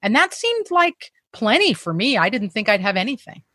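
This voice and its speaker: A woman's voice: on the high side, big pitch swings, normal speed, sharp tone, no room sound, studio quality. A woman guest telling candid, self-deprecating stories in conversation, with frequent profanity.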